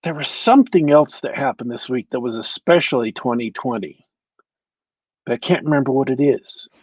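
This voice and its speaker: A man's voice: mid-range voice, expressive, moderate pace, darkish tone, no room sound, muffled recording. A man co-hosting a casual podcast chat, easygoing and musing as he talks. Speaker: podcast co-host.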